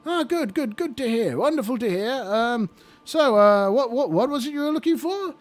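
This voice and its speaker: A man doing a fluttery, high-pitched pit oracle. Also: lively intonation, moderate pace. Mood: cryptic. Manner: fluttery, eager, babbling. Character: cheery oracle spirit living at pit bottom.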